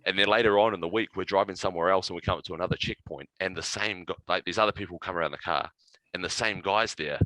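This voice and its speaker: Casting: very deep, bright-toned New man, casual podcast storyteller, dry close mic. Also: quick pace, no echo, rough recording. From New Zealand. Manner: animated anecdote-telling with profanity and laughs. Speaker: podcast guest.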